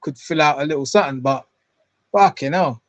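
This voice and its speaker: A man's voice: a little high, a little fast, dry recording, dull audio. A man in casual chat who swears freely and talks in a streetwise way.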